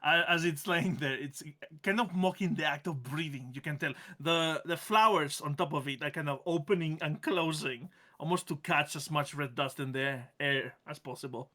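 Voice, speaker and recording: Bright, playful game master. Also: medium pitch, normal speed, few pauses. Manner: laughing, chatty, playful. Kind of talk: narrating a tabletop game.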